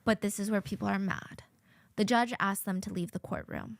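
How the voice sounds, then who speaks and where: A woman's voice: mid-range voice, steady tone, normal speed, creaky, no room sound. A woman hosts a true-crime commentary show with a mid-range voice, narrating a court hearing with open indignation. The sound is dry and close, with no room behind her. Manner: indignant, conversational storytelling. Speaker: host.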